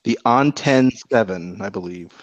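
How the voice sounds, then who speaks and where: A man co-hosting a podcast, chatting casually about anime episodes in an animated, rambling way and swearing freely. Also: on the low side, unhurried, dry recording. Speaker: podcast co-host. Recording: dull lo-fi podcast audio.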